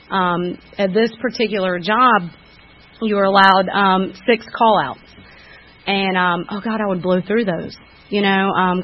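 List: woman, recovery talk, frank and self-critical, halting with fillers, mid-pitched voice, dull lo-fi sound. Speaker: speaker sharing at a recovery meeting. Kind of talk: candid personal recovery testimony. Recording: dull lo-fi recording.

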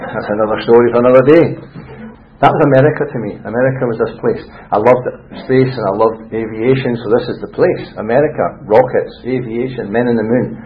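A middle-aged man with a Scottish accent, candidly telling his life story in a rambling way with frequent restarts. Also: medium pitch. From Scotland. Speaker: speaker sharing his story. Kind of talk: personal testimony talk. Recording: dull lo-fi recording with faint noise.

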